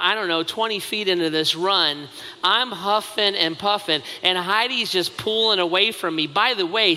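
In a big hall where the sound trails off in long reverb, a pastor preaches in a high, sharply bright voice. His manner is conversational and self-mocking, and he keeps adding asides.

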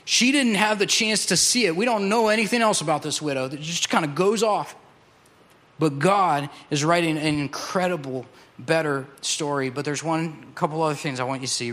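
Passionate preacher man, slightly high voice. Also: a bit bright. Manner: passionate, slows down for emphasis. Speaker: pastor. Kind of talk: sermon.

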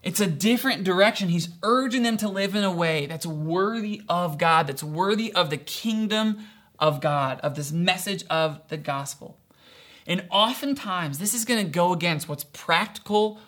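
Young male pastor, bright voice, casual sermon delivery with many "right"s and "kinda"s. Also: high-pitched, normal speed. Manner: acts out quoted voices in storytelling.

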